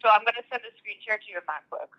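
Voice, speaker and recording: Support agent, woman, talks quickly, heard over a muffled, lo-fi phone line. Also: mid-range voice. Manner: quick, chatty, full of "like" and "I mean". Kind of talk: customer support call.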